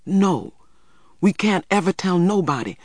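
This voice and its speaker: A man's voice: a little high, animated, normal speed, no room sound. A man reading a storybook, voicing a stubborn, protective boy who speaks harshly and adamantly. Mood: urgent. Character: stubborn protective eldest boy, about twelve.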